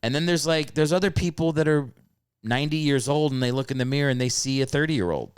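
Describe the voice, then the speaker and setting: A man with a smooth, resonant voice hosts a casual comedic podcast chat. He rambles and gets animated, jumping into squeaky high voices to act out stories. The sound is dry and close to the mic. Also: fast talker, no room sound. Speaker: podcast host.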